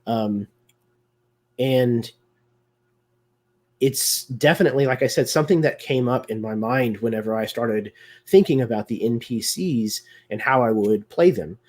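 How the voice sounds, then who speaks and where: A man's voice: mid-range voice, measured pace, pauses often, darkish tone. A man hosting a live video discussion, talking casually with many fillers and restarts. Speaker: host.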